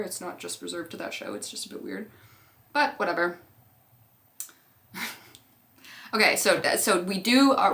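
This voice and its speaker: A woman's voice: medium pitch, a bit bright. A young woman chatting casually as a vlogger, rambling through tangents and swearing freely. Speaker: movie rewatch vlogger. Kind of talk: casual chat.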